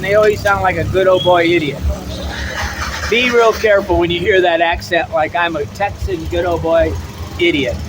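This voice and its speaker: A man's voice: high voice, background noise. A middle-aged American man giving a blunt, rambling opinion monologue, often repeating his words. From United States. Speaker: travel vlogger.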